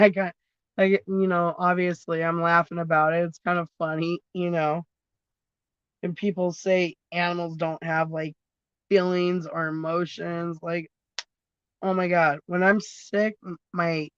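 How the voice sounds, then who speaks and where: A woman's voice: fairly low pitch, clear, resonant tone, dry recording. A woman hosts a loose livestream chat from her phone, drifting from topic to topic, cursing freely and laughing as she goes. The sound is dull and lo-fi, and the room is dry and close. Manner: rambling, swears freely, laughs often. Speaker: livestream host.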